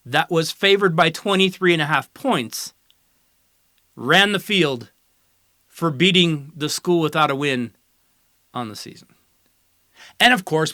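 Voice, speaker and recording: Sarcastic football pundit, lively bright delivery, dry close sound. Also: mid-range voice, no room sound. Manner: sarcastic, teasing, lecturing tone. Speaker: sports commentary host. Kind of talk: opinionated college football commentary.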